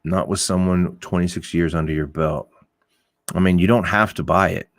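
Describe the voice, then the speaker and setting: Blunt low-voiced man, dry sound. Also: steady tone, normal speed, no room sound. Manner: blunt, rambling, swears, restarts often. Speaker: podcast host. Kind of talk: casual opinionated talk.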